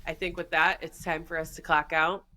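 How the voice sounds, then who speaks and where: Low-voiced mom chatting on a podcast. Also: female voice, moderate pace, poor audio. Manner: relaxed, rambling with many fillers. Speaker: podcast co-host. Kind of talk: casual chat.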